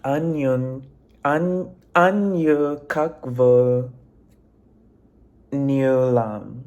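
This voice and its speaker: A man's voice: fairly low pitch, dark tone. A man casually vlogging from his home kitchen, talking in a dramatic, slangy way full of fillers. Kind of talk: casual chatty vlog. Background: fume hood noise.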